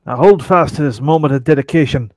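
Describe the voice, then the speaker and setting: A man putting on a gruff pirate guild master. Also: fairly high pitch, fast, a little mellow, no echo, close to an everyday voice. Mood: stern. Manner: mock pirate growl, rolling declamation.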